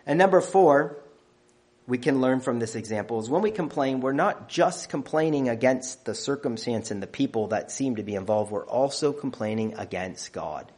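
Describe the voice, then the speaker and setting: Male preacher, mid-pitched voice, emphatic, numbered points, sermon delivery. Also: expressive, moderate pace, darkish tone.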